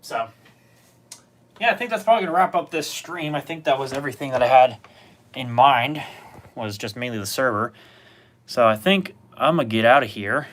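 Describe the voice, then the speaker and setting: Guy chatting on his tech stream, laid back, kinda rambly, lots of ums. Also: medium pitch. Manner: rambling, relaxed, with many fillers and restarts. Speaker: livestream host. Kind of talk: casual livestream chat about tech gear.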